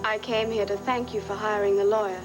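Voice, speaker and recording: A woman's voice: mid-range voice, fairly even intonation, brisk, over music, close to an everyday voice, low-quality recording. An actress playing a sly, manipulative woman who trades cutting remarks, in 1980s TV soap acting. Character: scheming woman trading barbs.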